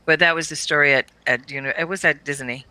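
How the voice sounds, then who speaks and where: A middle-aged woman telling a funny family story in casual chat, animated and laughing between lines. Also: sits low, fast talker. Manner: animated, laughs through her anecdotes.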